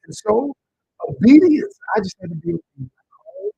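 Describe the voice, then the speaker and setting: A man talks on a live stream as a relationship coach, speaking into a handheld mic. His voice is very raspy and husky, and his pitch swings widely. He sounds emotional and addresses his audience directly. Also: sing-song, brisk, warm tone, dry recording, highs cut off. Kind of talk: live-streamed storytelling talk. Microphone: handheld microphone.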